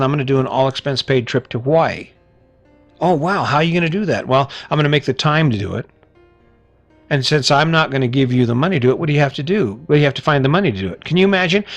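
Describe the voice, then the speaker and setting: Blunt middle-aged man giving a pep talk. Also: medium pitch. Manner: blunt, swears casually, asks rhetorical questions. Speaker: podcast host. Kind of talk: motivational monologue.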